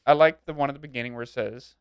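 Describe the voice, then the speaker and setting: A man's voice: medium pitch, very fast, clear, resonant tone, no echo. A young man co-hosting a movie review podcast in casual chat, telling scenes with little acted-out quotes. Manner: animated storyteller, acts out scenes in quoted voices. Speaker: podcast co-host.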